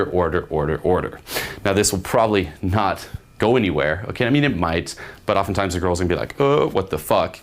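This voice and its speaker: A man giving blunt, profane dating advice to camera, full of fillers and acted-out example lines. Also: deep voice. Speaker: dating coach. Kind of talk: instructional talk to camera.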